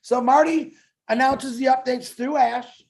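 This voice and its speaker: A man's voice: very high-pitched, measured pace. Jokey man hosting a webinar. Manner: jokey, animated storytelling. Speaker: webinar host. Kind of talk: casual promotional webinar chat.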